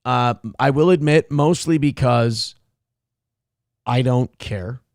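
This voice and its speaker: Male host, rambling, crude humor, mid-range pitch, dry close-mic sound. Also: slow pace, vocal fry, no room sound. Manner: rambling, profane, joking. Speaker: show host. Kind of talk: casual livestream chat. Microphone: headphones on, desk mic.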